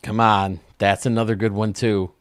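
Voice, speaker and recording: A man's voice: on the low side, little pitch movement, normal speed, dry recording. A male host casually telling dirty jokes and chuckling at his own punchlines. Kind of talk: casual joke-telling chat.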